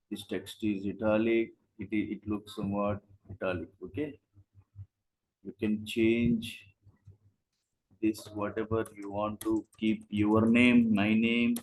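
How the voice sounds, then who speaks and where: A man's voice: on the low side, darkish tone, low-quality recording. A man teaching a live online coding class, explaining in short steps and asking rhetorical questions. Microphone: video call.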